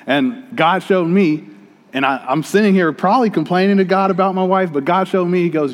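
A male pastor with a fairly high voice delivers a sermon as a casual, conversational story told straight to the congregation. His voice rings with the long reverb of a church hall. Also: a little fast.

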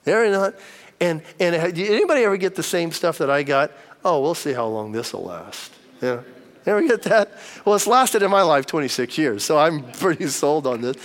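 A man's voice: on the high side, expressive, fairly quick. A middle-aged man preaching a sermon as a pastor, chatty and storytelling, repeating words as he goes. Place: church hall. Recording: long reverb of a large hall.

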